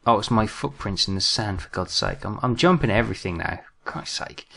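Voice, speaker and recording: A man's voice: fairly low pitch, expressive, a little fast, vocal fry, few pauses, a bit bright, breathy edge. A British man commentating his own game play, jumpy and muttering to himself with self-mocking asides. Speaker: gaming commentator.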